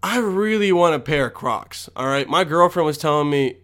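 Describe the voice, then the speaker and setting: A man's voice: fairly high pitch, lively intonation, normal speed, hardly any pauses, a bit bright. A young man ranting to camera with constant swearing, rambling and mock exasperation. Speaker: vlogger. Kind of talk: profane comedic rant.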